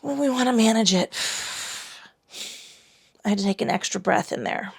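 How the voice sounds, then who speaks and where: Brief: woman yoga teacher, mid-pitched voice, talks students through breath and leg lifts with blunt, playful profanity. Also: normal speed, vocal fry, long pauses, husky. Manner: profane, frank and playful while cueing breath. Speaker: yoga instructor. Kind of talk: guided yoga class instruction.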